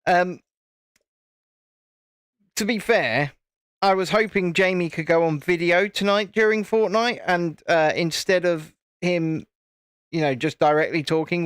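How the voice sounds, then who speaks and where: A man's voice: high-pitched, a little slow, long pauses, clear, resonant tone, no room sound, studio quality. A British man hosting a live stream, chatting casually in a rambling way and often restarting his sentences. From United Kingdom. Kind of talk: casual live-stream chat while building.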